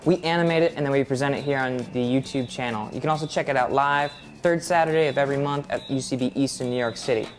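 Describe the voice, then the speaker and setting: A man briskly introducing an animated storytelling series, a little away from the mic. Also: mid-range voice, faint music behind. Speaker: host. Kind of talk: show introduction.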